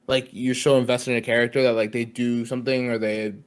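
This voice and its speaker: A young man in his twenties co-hosting a podcast, telling stories in a chatty, animated way. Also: medium pitch, fast, clean tone. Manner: chatty, animated storytelling with laughter. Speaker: podcast co-host. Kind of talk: casual chat.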